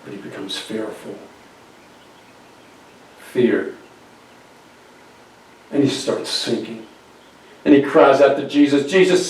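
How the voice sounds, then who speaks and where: A male pastor telling a Bible story in a conversational sermon with halting restarts, recorded from a distance in an echoey church. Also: mid-range voice, darkish tone. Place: church sanctuary. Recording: very echoey hall, distant mic.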